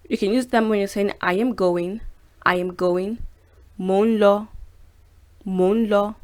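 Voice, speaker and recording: A woman hosting a casual video language lesson. She slows down to say each word twice so learners can copy it, then chats loosely with fillers between examples. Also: lowish voice. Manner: slows down and repeats each word to model pronunciation; chatty, with fillers. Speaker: language teacher and host.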